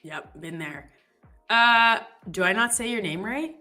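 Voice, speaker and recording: A woman's voice: fairly low pitch, lively intonation, normal speed, pushed and bright, faint music behind. A woman co-hosting a live trading stream in a playful, chatty way, jumping between topics. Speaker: live trading show co-host. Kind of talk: casual live-stream chat.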